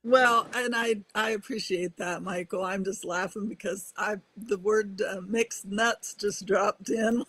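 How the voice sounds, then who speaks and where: A woman's voice: mid-range voice, steady tone, a little slow, few pauses, fairly bright tone, slightly rough, dry recording. An older woman, a guest speaker on a panel, chatting casually and laughing often.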